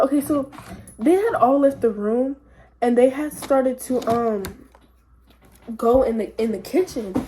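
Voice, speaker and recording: A young woman vlogger telling a story in a casual, rambling, excitable way, full of filler words. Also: sits high, a little hiss or hum.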